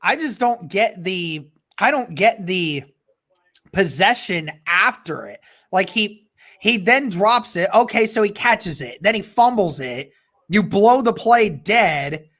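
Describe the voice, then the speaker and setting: Halting fan play-by-play host. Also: medium pitch, animated, a bit bright. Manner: measured, halting, with restarts. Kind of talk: casual livestream play-by-play commentary.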